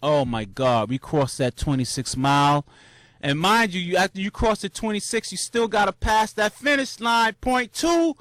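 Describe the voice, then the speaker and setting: A young man casually recounting a marathon, animated and full of slang, jumping into high shouts when he acts out cheering crowds. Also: normal speed, dry recording, clean studio sound. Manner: loose, repetitive slang with many restarts. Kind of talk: casual storytelling monologue.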